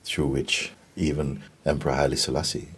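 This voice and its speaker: A man giving a gentle spiritual talk and telling stories, often checking in with his listeners. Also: a bass voice, flat delivery. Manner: gentle, unhurried, keeps asking "you see?". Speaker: spiritual teacher.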